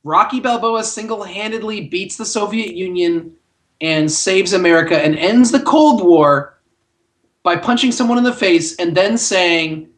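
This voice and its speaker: A man co-hosting a podcast in casual movie chat, talking in an animated way with wry, joking asides. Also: sits high, unhurried. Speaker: podcast co-host.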